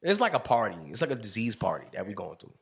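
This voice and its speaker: Husky young man with lively, laughing chat. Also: fairly low pitch, quick pace. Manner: laughs often, animated storytelling. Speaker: podcast host. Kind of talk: casual chat.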